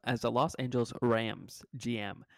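A man's voice: medium pitch, steady tone, moderate pace, gravelly, a bit bright, no room sound. A man co-hosting a casual sports podcast, blunt and dry, swearing casually as he talks football. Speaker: podcast co-host.

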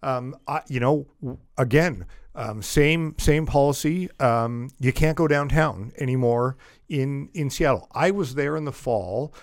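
A man with a mid-pitched voice, recorded close and dry, talks on a podcast. He fills his sentences with ums and gets worked up as he argues. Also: measured pace, no echo. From Canada. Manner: animated, many fillers, rises when indignant. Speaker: podcast co-host. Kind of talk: casual political chat.

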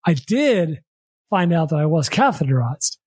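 An American man, a podcast host, telling a long story in casual chat, rambling and repeating words, acting out quick quotes. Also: fairly high pitch, big pitch swings, a little mellow, slightly rough, dry recording.

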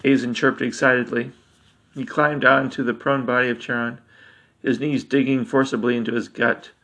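A man reading a dark story aloud in a steady, measured way. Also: medium pitch.

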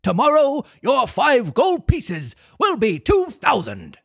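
Woman voicing a husky, sly storybook fox. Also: on the high side, huge pitch swings, no room sound, studio quality, pitched above the performer's own voice, heavily acted. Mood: scheming. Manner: coaxing, persuasive, drawn-out words. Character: sly smooth-talking male fox swindler. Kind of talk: storybook read-aloud.

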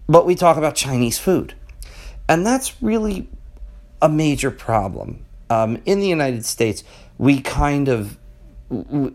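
A man's voice: medium pitch, a little mellow. Rambling middle-aged man musing aloud. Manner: rambling and conversational, peppers talk with "okay?" and "you know"; emphatic rhetorical questions. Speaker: vlogger. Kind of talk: casual off-the-cuff monologue.

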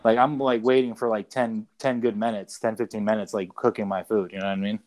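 A man's voice: lowish voice, flat delivery, brisk, a little mellow. A man co-hosting a podcast, telling loose stories in casual chat, full of fillers and swearing. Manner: rambling storyteller, loose and profane, many fillers. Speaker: podcast co-host. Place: away from home, calling in to the show.

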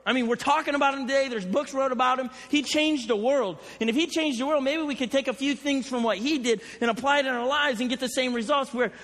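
High, bright male pastor, chatty storyteller, sermon in an echoing auditorium. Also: fast, hardly any pauses. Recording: long hall reverb.

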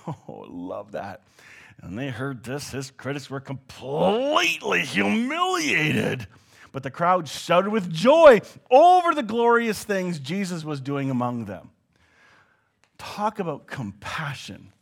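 A Canadian man preaching a sermon, animated and joking, sometimes dropping to a hushed tone. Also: on the high side, slow pace, gravelly. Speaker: pastor.

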